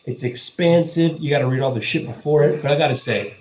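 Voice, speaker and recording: A man's voice: a little high, brisk, echoey room, background noise. A man hosting a casual podcast chat, talking loosely and swearing often while he laughs with friends. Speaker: podcast host.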